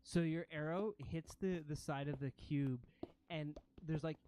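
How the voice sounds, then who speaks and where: A man's voice: on the high side, measured pace, mellow, slight background noise. A man narrating a tabletop role-playing game as game master, giving vivid, gross descriptions and chuckling often.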